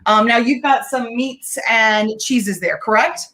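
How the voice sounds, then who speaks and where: A middle-aged woman with a fairly high voice talks quickly and brightly as she walks through a recipe. She keeps up a friendly, chatty patter and laughs often, speaking from a home kitchen on a live stream. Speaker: guest home cook sharing meal tips. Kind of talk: casual live-stream cooking demo.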